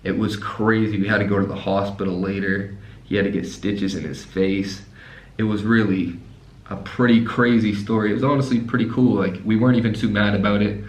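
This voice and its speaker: A young man with a low voice rambles through a casual storytime, leaning on fillers as he goes. The room adds a noticeable echo around him. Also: steady tone, fairly quick. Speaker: travel vlogger. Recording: roomy echo.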